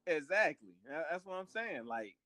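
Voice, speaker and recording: A young man co-hosts a family podcast, chatting casually at a moderate pace in a slightly high, sharp voice with big pitch swings. He's blunt and profane, often repeating words as he starts a thought.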